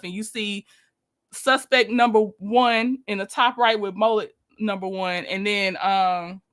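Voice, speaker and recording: A woman talks through a reality show for her channel in a casual, gossipy way, speaking straight to her audience. Her voice is bright and forceful and sits slightly high. She keeps dropping in her own blunt opinions. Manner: chatty, addresses viewers directly, opinionated asides. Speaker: YouTube commentator.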